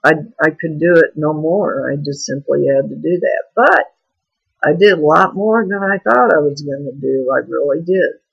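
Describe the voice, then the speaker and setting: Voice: mid-range voice, moderate pace, vocal fry, fairly bright tone, husky, dull audio. A vlogger talking in a frank, rambling, confessional way in a personal video diary.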